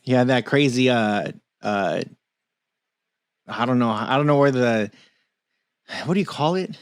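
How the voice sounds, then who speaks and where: A man's voice: medium pitch, unhurried, clear, resonant tone, no echo, studio quality. A man co-hosting a casual podcast, swearing and laughing a lot. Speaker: podcast co-host. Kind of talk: casual chat.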